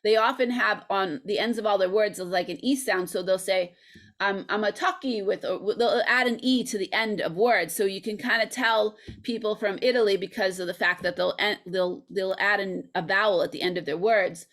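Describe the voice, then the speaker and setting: A woman's voice: mid-range voice, moderate pace, few pauses, a bit bright. An American woman, an English teacher, talking through ideas in a casual interview with frequent ums, over a video call. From United States. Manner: thoughtful, chatty, frequent ums. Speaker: English teacher and channel creator.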